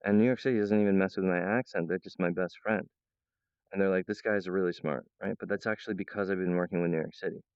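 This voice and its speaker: A man rambling to his viewers, jumping between topics and laughing mid-sentence, now and then mimicking others in a high voice. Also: fairly even intonation, quick pace, darkish tone, clear, resonant tone, no echo, highs cut off. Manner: acts out other people's voices in a high pitch.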